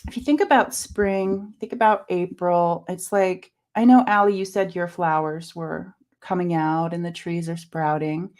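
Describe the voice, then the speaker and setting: A woman with a fairly low voice muses slowly about spiritual growth. She speaks hesitantly, with many ums, and clears her throat from a lingering cough. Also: fairly even intonation. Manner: soft-spoken, musing, many fillers. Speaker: co-host. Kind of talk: reflective spiritual talk.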